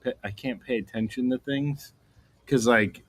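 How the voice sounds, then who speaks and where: A man's voice: medium pitch, normal speed. A man co-hosting a morning comedy show, rambling through jokes and laughing often. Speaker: co-host. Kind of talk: casual comedic chat.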